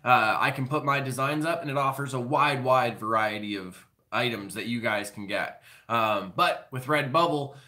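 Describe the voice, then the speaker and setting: A man's voice: medium pitch, moderate pace, few pauses, pushed and bright. A man hosting a live stream, rambling through jokes and announcements in a profane, loose, conversational way. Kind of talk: rambling comedic monologue.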